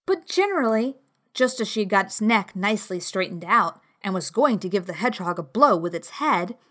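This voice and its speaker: A woman narrating a storybook in a measured, expressive way. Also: medium pitch. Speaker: audiobook narrator.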